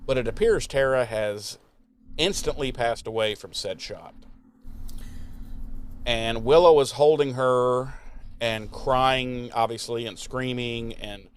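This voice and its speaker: A podcast co-host with a mid-range, clean-toned male voice gives a casual, profane, rambling recap of a TV episode. He briefly mimics the characters with quick mock voices.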